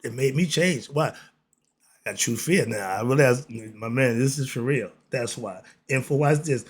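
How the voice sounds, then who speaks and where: Hosting his own religious commentary, a man speaks at medium pitch with a breathy edge. His delivery is emphatic and preachy as he reads passages slowly before riffing on them.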